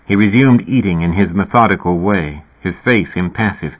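Male narrator, low voice, slow reading, narrow-band radio sound. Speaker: audiobook narrator. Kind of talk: scripted narration.

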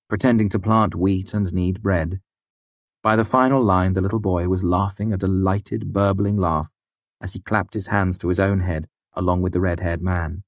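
A man narrating an audiobook in a measured, even storytelling voice. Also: sits low, dry recording. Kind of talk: scripted narration.

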